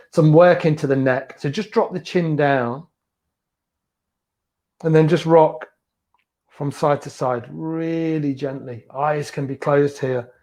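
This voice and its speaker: Gentle man guiding a yoga class. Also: medium pitch. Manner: gentle, encouraging step-by-step cues. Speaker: yoga instructor. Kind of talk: guided beginners yoga class.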